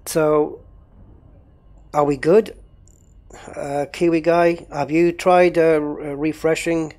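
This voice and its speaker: A man's voice: a little high, level tone, slow, a little mellow. A man running a gaming livestream, rambling casually and thinking aloud while he troubleshoots.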